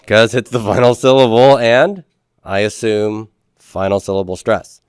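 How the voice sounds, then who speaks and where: A man's voice: on the low side, a little slow, smooth, no echo, studio quality. A man lecturing a class on Hebrew grammar, explaining step by step and asking questions that he then answers. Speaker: Biblical Hebrew teacher.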